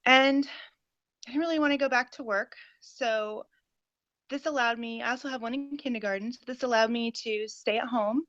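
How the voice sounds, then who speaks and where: A woman in her forties gives an eager, rambling testimony, full of fillers, in a somewhat high voice. The sound is dull and lo-fi and completely dry, with no room around it. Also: normal speed, a bit bright, no room sound. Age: 40s. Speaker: caller giving a testimony. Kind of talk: personal testimony on a call.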